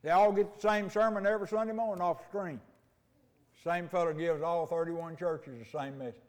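An older man delivers a homespun sermon, slowing down to stress his points. His voice sits high for a man, and it rings with the long reverb of a church hall, picked up on a mic. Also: fairly even intonation, a little mellow. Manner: homespun storytelling, slows for emphasis. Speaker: preacher. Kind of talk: folksy sermon. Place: church sanctuary.

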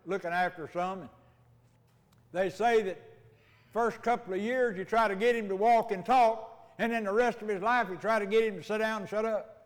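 An older man preaching a folksy sermon, telling homespun stories and slowing down for emphasis. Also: high voice, fairly even intonation, big-room sound. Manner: homespun storytelling, slows for emphasis. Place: church sanctuary. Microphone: mic.

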